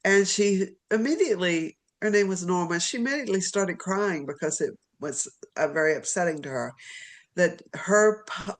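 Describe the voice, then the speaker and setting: A woman from Virginia, a literary agent, telling stories as a podcast guest in an animated, rambling way. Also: lowish voice, moderate pace. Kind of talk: storytelling in an interview.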